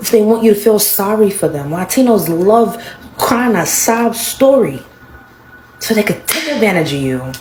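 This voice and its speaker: A woman's voice: mid-range voice, a little mellow, reverberant, rough recording. A woman giving a blunt, emphatic casual opinion monologue, talking in bursts and restarting her sentences. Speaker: social media commentator.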